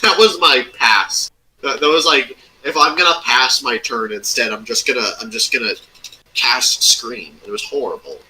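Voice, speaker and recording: Bright-voiced man telling a rambling story. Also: medium pitch, moderate pace, a little hiss or hum, low-quality recording. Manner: rambling, swears often, acts out quotes. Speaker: former game master recounting a campaign. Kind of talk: casual chat.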